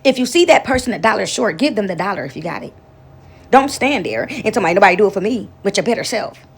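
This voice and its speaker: A woman's voice: mid-range voice, big pitch swings, fast, creaky, slightly rough. A woman giving an informal spiritual monologue, rambling and often asking "you understand me?". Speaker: spiritual speaker.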